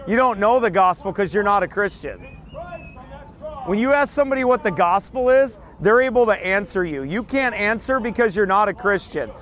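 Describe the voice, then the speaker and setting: A man's voice: high voice, lively intonation, normal speed, a bit bright. A man preaching outdoors on a city street, rebuking someone insistently and repeating his questions. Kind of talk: open-air confrontational preaching. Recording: outdoor street clip with crowd noise.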